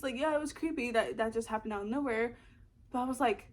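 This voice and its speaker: A woman's voice: on the high side, quick pace. A young woman vlogging from her apartment, telling a story casually, rambling and swearing freely. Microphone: camera in front of her.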